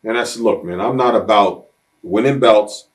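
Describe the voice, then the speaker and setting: A man with a lowish voice speaks at a moderate pace as a guest in a sit-down shoot interview. He is a blunt, streetwise storyteller who acts out other people's lines as he tells his stories.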